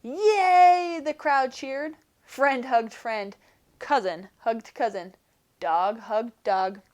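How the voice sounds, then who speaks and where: A woman, a teacher, reading a children's picture book aloud in an expressive storytelling manner. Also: fairly high pitch, takes it slowly.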